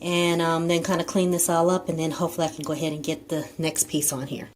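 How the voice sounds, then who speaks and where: Chatty woman with a lowish voice filming a DIY repair. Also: little pitch movement, fast, a little mellow, a little hiss or hum. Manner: chatty, rambling with fillers and restarts. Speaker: DIY home improvement vlogger. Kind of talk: casual how-to narration. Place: small home bathroom.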